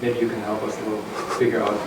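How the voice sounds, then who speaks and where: A man introducing a guest lecturer, speaking haltingly with many fillers. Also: on the low side, completely flat delivery. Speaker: event host introducing a speaker. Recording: echoey, distant room mic with noise.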